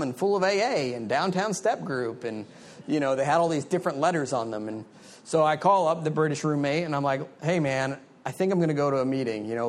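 A middle-aged man telling a personal story in a candid, conversational way, with many fillers. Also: on the high side. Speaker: speaker sharing recovery story.

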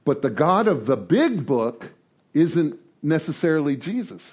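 A man's voice: fairly high pitch, big pitch swings, a little slow, a little mellow, breathy edge. A man speaking informally to a recovery group, joking and repeating words as he thinks aloud. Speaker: speaker leading a twelve-traditions study series.

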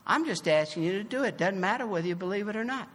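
Man, recovery meeting speaker, bright tone, slow and deliberate, long hall reverb. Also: high-pitched. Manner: animated storytelling, acting out both sides of dialogue; emphatic, swings from loud to soft. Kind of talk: personal recovery testimony.

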